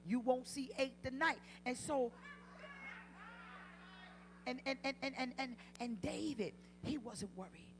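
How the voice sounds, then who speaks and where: A woman preaches a sermon with a fairly high voice. She drops low and then rises to loud, passionate peaks. Humorous asides break up her delivery. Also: a little slow, long pauses, faint music behind. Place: church sanctuary.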